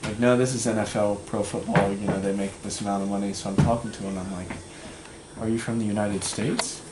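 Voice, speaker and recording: Young man, casual storyteller, rambling, fillers, roomy echo, loud background noise. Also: lowish voice, fairly even intonation, a little fast. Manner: rambling, full of fillers, acts out quoted voices. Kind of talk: casual anecdote.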